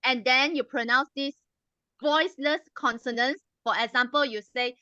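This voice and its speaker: A woman, the club president, explaining grammar and pronunciation to a meeting in a patient, teacherly way and drilling sounds slowly. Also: high voice, fairly even intonation, pushed and bright, no echo, lo-fi sound. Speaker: club president giving a language evaluation.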